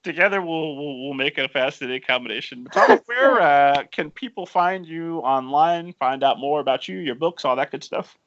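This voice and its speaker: A man's voice: on the high side, moderate pace, few pauses, fairly bright tone, no room sound. A man from Indiana hosting a podcast interview in casual chat, joking and laughing easily. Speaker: podcast host. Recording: dull, dry lo-fi audio.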